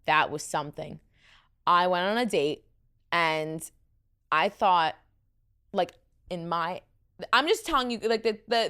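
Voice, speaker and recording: A young woman hosting her own podcast in casual, chatty talk. Her voice sits a bit deep, with some vocal fry, and she runs on with fillers and asides. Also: expressive, unhurried, long pauses, a bit bright. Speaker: podcast host. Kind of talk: casual chat.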